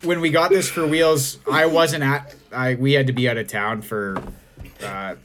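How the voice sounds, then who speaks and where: A man's voice: medium pitch, steady tone, measured pace, a bit bright. A man co-hosting a podcast, telling a rambling, profane story full of restarts, in casual chat. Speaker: podcast co-host. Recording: faint background noise.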